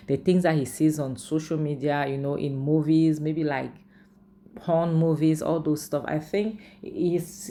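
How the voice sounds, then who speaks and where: Low gravelly woman. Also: dark tone. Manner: chatty, heavy use of "like" and "you know". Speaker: film reviewer. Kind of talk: casual movie recap and commentary.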